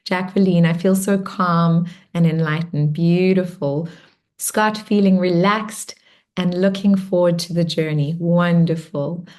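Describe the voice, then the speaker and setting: A woman closing a guided meditation and warmly encouraging an online group as she reads out their comments. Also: lowish voice, steady tone, unhurried. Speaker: meditation and spiritual workshop leader. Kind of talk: guided meditation close and live group check-in.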